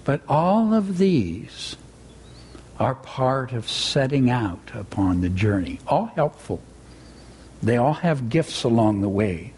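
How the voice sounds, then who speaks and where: A man giving a gentle, reflective spiritual talk in sermon style, weaving in a read-aloud story. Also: mid-range voice, sing-song, takes it slowly. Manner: gentle, reflective, reading with voices. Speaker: spiritual teacher.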